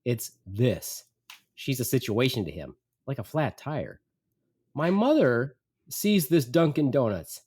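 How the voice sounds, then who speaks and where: Male podcast host, casual comic storyteller, very expressive intonation. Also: medium pitch, slow, slightly rough.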